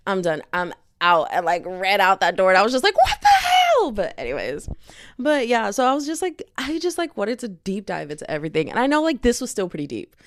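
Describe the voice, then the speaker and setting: A young woman hosting a podcast in casual chat, gushing and animated, with lots of "like". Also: mid-range voice, fast talker. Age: young adult. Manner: gushing, animated, heavy filler "like". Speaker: podcast host. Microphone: headphones on, podcast mic.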